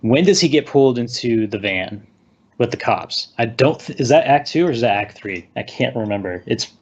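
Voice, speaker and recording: A man's voice: mid-range voice, expressive, normal speed, slightly rough, muffled recording. A man co-hosting a casual movie discussion, recapping scenes in a rambling way and acting out quotes. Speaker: podcast co-host.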